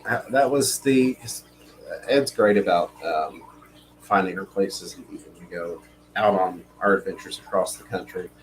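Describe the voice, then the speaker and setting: A man co-hosting a casual live stream, talking in a relaxed way with many fillers and reading viewer comments aloud. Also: deep voice, unhurried, slight background noise, low-quality recording. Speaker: livestream co-host.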